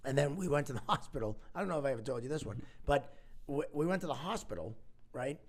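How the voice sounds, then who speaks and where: A man's voice: mid-range voice, animated, quick pace. A man co-hosting a podcast, telling a story in casual chat and often breaking into laughter. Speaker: podcast co-host.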